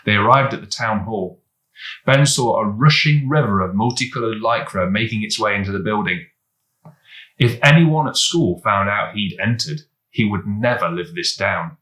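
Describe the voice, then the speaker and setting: A man reads a children's storybook aloud in a lively, expressive way at a moderate pace. His low voice is still bright and forceful, and it echoes around a roomy space.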